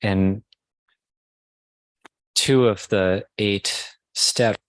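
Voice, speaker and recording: A man, a Buddhist monk, giving a Dhamma talk at a meditation retreat, teaching slowly and pausing often. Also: on the low side, fairly even intonation, clean tone, no room sound. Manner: slow, measured teaching with pauses and restarts.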